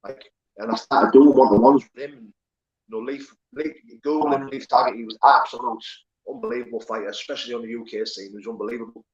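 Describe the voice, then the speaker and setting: A man's voice: medium pitch, fairly even intonation, fast talker, muffled recording. A man, candidly telling his life story as an interview guest, swearing and rambling with many fillers. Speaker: guest, former prisoner turned pro fighter.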